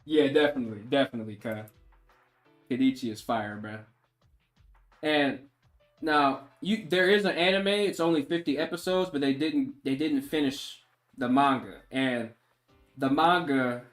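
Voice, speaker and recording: A man's voice: medium pitch, normal speed, faint music behind. A man streaming casually while he draws, joking with his chat in slangy banter and laughing often.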